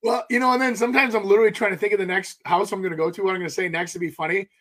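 A man who works as a realtor, telling stories in an animated, jokey way and laughing as he talks. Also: high voice, rapid-fire. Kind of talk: casual storytelling chat.

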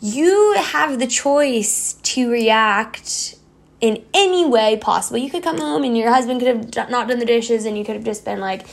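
A woman's voice: fairly high pitch, normal speed, creaky. A young woman in a casual, reflective monologue, rambling with lots of filler words. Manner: rambling, heavy use of "like" fillers.

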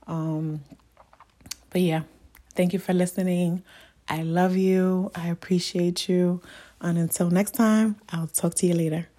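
Here the host's voice is warm and lowish, with fairly even intonation and a slightly slow pace. She's a young woman giving a heartfelt solo podcast monologue, encouraging and emotional, with frequent repetition of what she's said.

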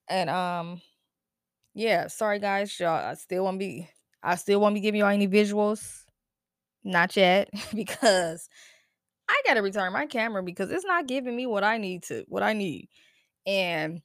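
A woman's voice: medium pitch, expressive, measured pace, pauses often, fairly bright tone, no echo, clean studio sound. A woman hosting a casual solo podcast, talking in a chatty, slangy way, laughing often and swearing freely. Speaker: podcast host.

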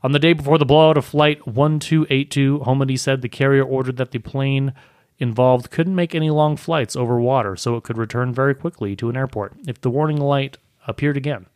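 A man's voice: mid-range voice, fairly even intonation, brisk, a little mellow, smooth, no echo, clean studio sound. A young man co-hosting a podcast, joking around, swearing freely and reading news items aloud. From southern Minnesota. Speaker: podcast co-host. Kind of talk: casual chat.

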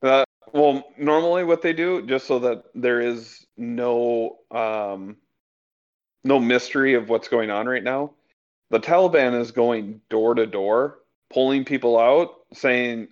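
A man co-hosting a casual political podcast, speaking haltingly with many pauses and restarts. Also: mid-range voice, muffled recording. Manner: halting, lots of ums and restarts. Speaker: podcast co-host.

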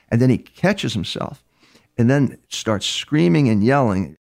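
An older man, a criminal profiler being interviewed, telling stories in a halting way, repeating words and acting out quoted dialogue. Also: mid-range voice, lively intonation, vocal fry, darkish tone. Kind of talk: storytelling interview answers.

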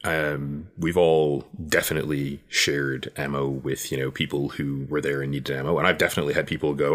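A man's voice: extremely low pitch, steady tone, brisk, hardly any pauses, a bit bright. A man in casual conversation, rambling thoughtfully with many "um" and "you know" fillers. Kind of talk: casual chat.

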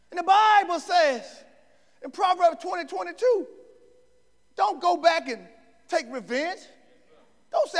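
Man, preacher, fiery shouted sermon, very high voice, gravelly, long reverb. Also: animated, unhurried, long pauses. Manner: impassioned, shouted preaching with repetition. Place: church.

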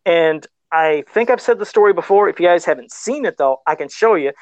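A man's voice: on the high side, expressive, fairly quick, no echo, low-quality recording. A man talking casually on a livestream about his first sculpted custom figure, self-deprecating and laughing often. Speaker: guest toy sculptor.

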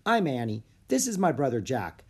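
A reader voicing an eager, excited young girl in a children's audiobook, lifting the voice high and bright. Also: normal speed, slightly rough, full character voice. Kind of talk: audiobook character voice.

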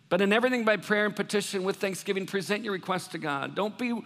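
A man preaching a sermon as pastor, talking in a conversational, animated way and acting out worried voices. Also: high-pitched, fast, few pauses. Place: church hall. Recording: long reverb of a large hall.

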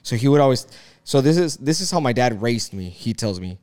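Very animated and a little fast, this young co-host has a smooth, slightly mellow voice at medium pitch. He rambles profanely through casual podcast talk, full of filler "likes" and restarts.

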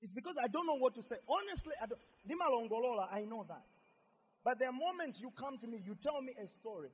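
A man preaching a sermon as pastor, emphatic and repetitive, swinging from shouts to quiet asides. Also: very high voice, expressive, fast, husky, long reverb tail.

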